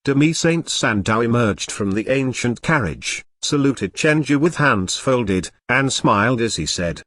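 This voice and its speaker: A man narrating a web novel in an even, measured reading voice. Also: medium pitch, no echo.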